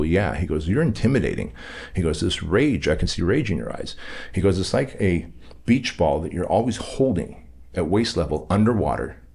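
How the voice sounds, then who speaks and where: A man with a low, deep voice speaks as a podcast guest. Originally from Armenia, he tells a personal story in a candid, emphatic way, acting out the dialogue with the people in it. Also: a little mellow.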